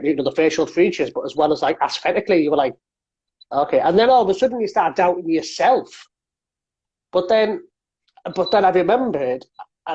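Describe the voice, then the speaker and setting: A man's voice: fairly high pitch, husky. A man hosting a podcast, telling stories in a rambling way with many repeated words. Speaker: podcast host. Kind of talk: casual podcast chat. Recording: dull lo-fi sound.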